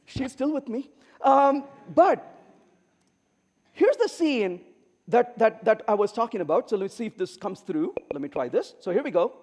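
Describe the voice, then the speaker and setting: A middle-aged man with a high voice delivers a humorous keynote at a large conference hall, speaking at a moderate pace. He's animated, telling stories and acting out the lines of the people in them. The recording carries the hall's reverberation.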